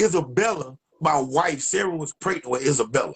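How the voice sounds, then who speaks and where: A young man with an Atlanta, Georgia accent, telling a story in a casual, animated and profane way and acting out the other voices. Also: medium pitch, quick pace, hardly any pauses, poor audio.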